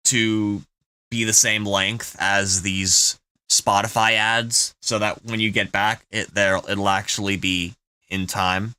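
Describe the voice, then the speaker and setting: A man's voice: lowish voice, level tone, takes it slowly, pushed and bright, clear, resonant tone, dry recording. A young man hosting a music livestream, talking casually with many restarts and fillers. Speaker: livestream radio host.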